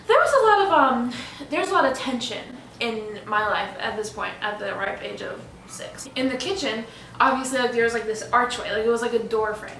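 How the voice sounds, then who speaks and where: A woman's voice: on the high side, lively intonation, brisk, a bit bright, roomy sound, recorded from a distance, slight background noise, low-quality recording. A young woman, co-host of a casual chat, recalling childhood memories in a loose, filler-heavy way. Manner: chatty, filler-heavy, laughs often.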